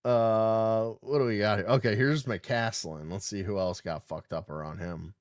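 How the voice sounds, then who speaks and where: A man's voice: fairly low pitch, normal speed, dry recording, clean studio sound. A man hosting a podcast, reading news articles aloud and riffing on them in an irreverent, swearing, casual way. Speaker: podcast host. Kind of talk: casual livestream commentary.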